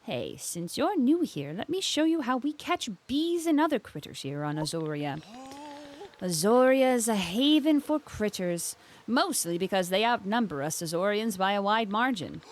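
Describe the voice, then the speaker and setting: Woman doing cheery beekeeper lady, put-on minnesotan accent, pinched folksy voice, lively pitch. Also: normal speed, a little hiss or hum, lightly acted. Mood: welcoming. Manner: friendly, folksy, slightly pinched voice. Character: cheerful island beekeeper woman, chatty and welcoming.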